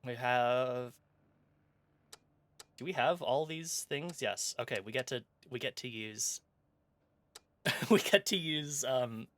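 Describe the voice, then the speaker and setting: Calm male streamer reading game text. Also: slow pace, pauses often, dry recording. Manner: calm, low-key reading and casual asides.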